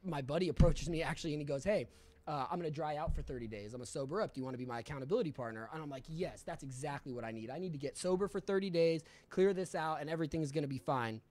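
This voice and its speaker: A man's voice: fairly high pitch, racing, a little mellow. A young man telling a candid story in casual talk, full of swearing and fillers. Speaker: podcast guest.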